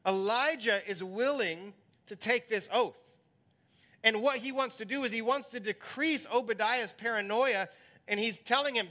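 A man's voice: high voice, normal speed, sharp tone. A man, a pastor, giving a conversational sermon that teaches through a Bible story and muses aloud on it.

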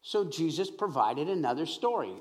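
A male pastor preaching a sermon with animated storytelling, swinging from loud to hushed. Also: a little high, normal speed.

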